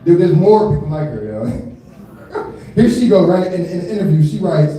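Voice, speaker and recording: A man's voice: high voice, sing-song, moderate pace, warm tone. A man in his thirties doing a live stand-up set, talking loose and profane, laughing often and leaning on filler tags. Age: 30s. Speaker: stand-up comedian. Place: live comedy venue. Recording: echoey room from far off.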